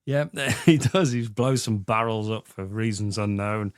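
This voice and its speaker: A man's voice: on the low side, steady tone, moderate pace, clear, resonant tone, dry recording, clean studio sound. A man co-hosting a comedy film podcast, laughing often and acting out scenes in silly voices. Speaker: podcast co-host. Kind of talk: casual comedic film chat.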